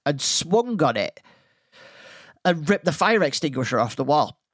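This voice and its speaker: A man's voice: a little high, big pitch swings, a little slow, no echo, clean studio sound. A man hosting a podcast, telling a school story in a casual, rambling way full of tangents. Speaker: podcast host.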